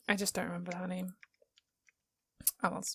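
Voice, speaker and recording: Gravelly low young woman, podcast co-host. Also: level tone, moderate pace, fairly bright tone, dry recording, studio quality. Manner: thoughtful, hedging, thinks aloud. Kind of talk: casual chat.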